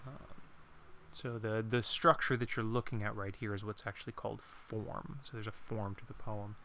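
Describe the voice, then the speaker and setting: A man teaching a poem in an informal, unscripted lesson, pausing to think and reading verse lines slowly. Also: on the low side, flat delivery, a bit bright, a little hiss or hum. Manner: unscripted, thinks aloud with pauses and apologies. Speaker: poetry teacher.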